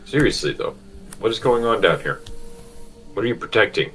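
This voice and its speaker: Casual male player, lowish voice. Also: animated, normal speed, a bit bright, soft background music, poor audio. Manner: casual, questioning. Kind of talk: tabletop game play.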